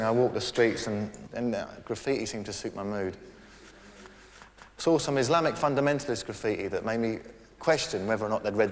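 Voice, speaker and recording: A man doing live stand-up on a theatre stage, rambling and self-deprecating with halting restarts. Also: mid-range voice, fairly bright tone, slight background noise. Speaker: stand-up comedian. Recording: echoey theatre with crowd. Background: audience laughter.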